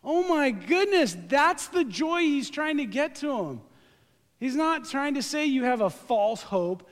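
A man preaching a lively, joking sermon, speaking straight to his congregation during a live church service. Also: very high voice, measured pace. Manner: joking, animated, talks to the congregation directly. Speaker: pastor. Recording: live church recording with long hall reverb.

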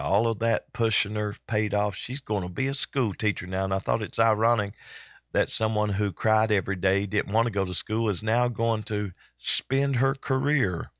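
An older man, hosting a church broadcast in a folksy, rambling way full of pauses and fillers. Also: on the low side, fairly bright tone, no echo. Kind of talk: casual chat.

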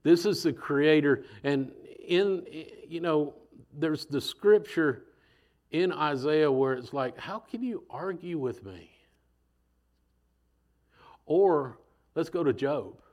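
A man preaching a sermon in a conversational, animated way, acting out voices as he goes. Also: fairly high pitch, takes it slowly, pauses often.

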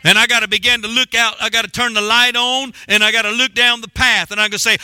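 A man preaching with a high, very bright and cutting voice. He drives points home with emphatic repetition and calls for the congregation to respond, and the sound is close and dry with no room echo. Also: little pitch movement, fast, smooth. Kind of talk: sermon.

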